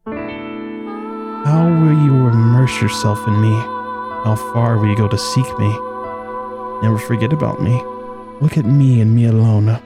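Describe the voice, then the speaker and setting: A man reading the lines of a devoted, possessive young woman from a video game in a slow, soft-spoken way. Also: medium pitch, loud music behind the voice, close to an everyday voice. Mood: tender. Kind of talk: reading game dialogue aloud.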